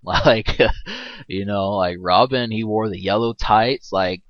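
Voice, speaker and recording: A man's voice: fairly low pitch, takes it slowly, dry recording, highs cut off. A man giving a rambling, casual movie commentary, full of fillers and restarts and laughing often, swearing now and then.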